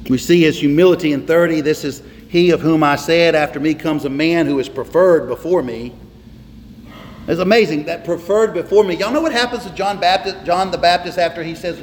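A man preaching a sermon from the pulpit, emphatic and repetitive, hammering on single words. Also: a little high. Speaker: pastor. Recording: reverberant hall with faint noise.

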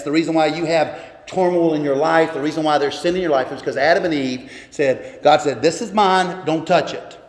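A man in his twenties or thirties preaching a sermon as pastor, impassioned and voicing biblical figures in quotes. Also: fairly high pitch. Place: church sanctuary. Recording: echoey church hall.

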